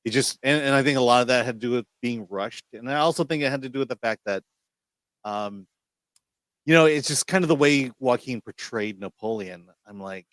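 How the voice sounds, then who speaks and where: A man co-hosting a film review show, giving measured, skeptical opinions in casual chat. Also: medium pitch, a bit bright, no echo.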